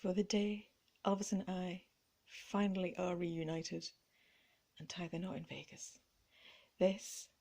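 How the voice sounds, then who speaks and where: Lady doing a playful vintage haul, theatrical and self-mocking, drops to a hush now and then. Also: lowish voice, fairly even intonation, a little slow, vocal fry, pauses often. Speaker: vlogger. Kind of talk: light-hearted chat, playful showing of clothes.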